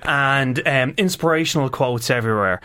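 A man's voice: mid-range voice, normal speed, bright, forceful tone, clean tone. A man reviewing a film on a radio show, rambling with lots of fillers. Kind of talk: casual radio chat.

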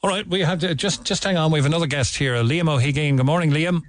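A man with a Cork Irish accent hosting a radio chat, talking in a halting way. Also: on the high side, no room sound. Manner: halting, many fillers and restarts. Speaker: radio host. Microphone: studio mic.

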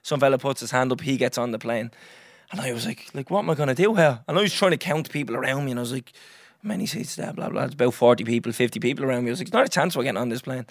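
A young Irish man hosting a podcast, telling a story in a lively, swearing, casual way and acting out what others said. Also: medium pitch, rapid-fire, dry recording, clean studio sound. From Ireland. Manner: animated, swears freely, acts out others' lines. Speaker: podcast host.

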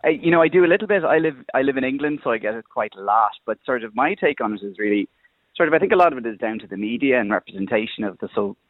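Fast-talking irish man calling in by phone. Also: mid-range voice, animated, dry recording. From Ireland. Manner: hedging, many "sort of" fillers. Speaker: radio caller. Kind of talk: radio phone-in chat. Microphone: telephone line. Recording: tinny phone line, dry.

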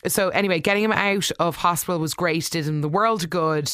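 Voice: medium pitch, a little fast, fairly bright tone, clear, resonant tone, dry recording, studio quality. A vlogger giving a casual, opinionated episode recap in a chatty way, often talking back to the characters. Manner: chatty, opinionated, full of "like" and asides. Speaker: soap opera recap vlogger.

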